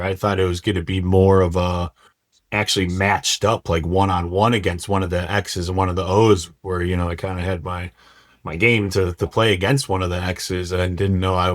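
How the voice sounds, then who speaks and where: Male guest, lowish voice, rambling and frustrated, dry sound. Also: dry recording. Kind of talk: casual group conversation.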